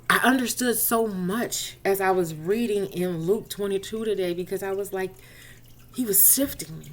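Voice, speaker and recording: Woman, inspirational speaker, mid-pitched, chatty personal faith testimony. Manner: conversational, addresses listeners directly; retells dialogue expressively.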